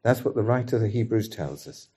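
A man preaching a sermon in a measured, earnest way, reading scripture aloud and leading the congregation in prayer. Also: lowish voice, animated, warm tone, husky.

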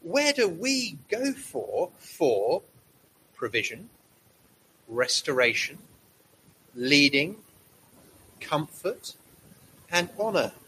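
A man preaching a sermon, measured and slowing down to stress key words. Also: fairly high pitch, very animated, bright, forceful tone, a little hiss or hum, low-quality recording.

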